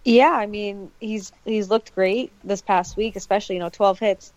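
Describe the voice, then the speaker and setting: A woman's voice: mid-range voice, steady tone, moderate pace, darkish tone, no echo, low-quality recording. A woman co-hosting a casual baseball talk show, enthusiastic and emphatic. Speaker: sports podcast co-host.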